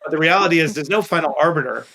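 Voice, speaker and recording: A man's voice: fairly high pitch, rapid-fire, creaky, pushed and bright, a little hiss or hum. A middle-aged man from Queens, candidly telling stories as a guest on an interview podcast. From Queens, New York. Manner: candid, earnest storyteller who stresses key points. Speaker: guest investor.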